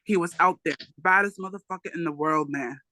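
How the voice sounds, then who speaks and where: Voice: medium pitch, brisk, pushed and bright, slight background noise, rough recording. A book club reader reading a memoir aloud, emphatic and given to profane asides.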